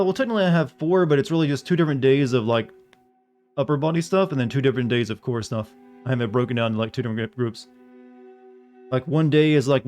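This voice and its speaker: A man's voice: medium pitch, darkish tone. Young man, game streamer, casual chat, filler words, faint background music. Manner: rambling, full of filler words, reading chat aloud. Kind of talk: casual gameplay chat with viewers.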